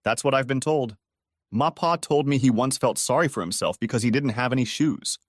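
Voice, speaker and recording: A man's voice: mid-range voice, fairly quick, no echo, clean studio sound, natural voice. A man voicing a genial old-west cowboy ghost judge with a folksy, courteous Texas drawl.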